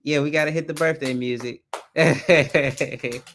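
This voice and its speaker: A man, hosting a casual livestream from home, laid-back and quick to laugh, calling his viewers y'all. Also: fairly high pitch, fairly even intonation, fairly bright tone, a little hiss or hum. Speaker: livestream host, father. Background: birthday music playing.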